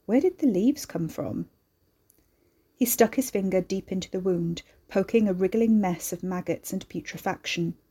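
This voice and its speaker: A woman reading scripted horror story narration in a measured, deliberate way. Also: mid-range voice, warm tone, slightly rough.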